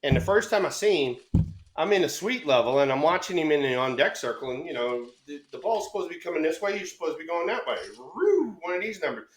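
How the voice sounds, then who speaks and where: Middle-aged male co-host, lively swearing storyteller, slightly high voice. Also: fast talker. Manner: animated storyteller, acts out voices, swears freely. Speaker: co-host of a baseball show. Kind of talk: casual storytelling chat.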